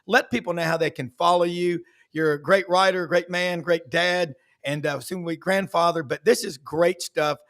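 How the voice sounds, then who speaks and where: Man, high-pitched, gravelly, folksy storytelling host. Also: steady tone, fairly bright tone. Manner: folksy storyteller, quick to praise guests. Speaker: show host. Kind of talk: casual sports talk show chat.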